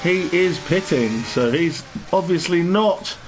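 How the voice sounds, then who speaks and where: A man giving relaxed live commentary on an online race and greeting viewers in the chat. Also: a little high, slow. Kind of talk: live sim-racing commentary. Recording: noisy stream with engine sound behind.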